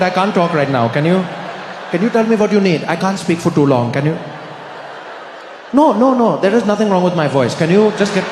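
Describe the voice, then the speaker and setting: A man playing a flustered man with an oddly high, strained voice, stammering defensively on the phone. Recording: echoey hall with noise.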